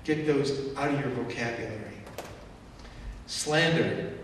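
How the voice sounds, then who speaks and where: A male pastor preaching a sermon in a church, animated and conversational, acting out angry outbursts as he speaks. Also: mid-range voice, slow pace, a little hiss or hum. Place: church sanctuary. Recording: echoey church hall from far off.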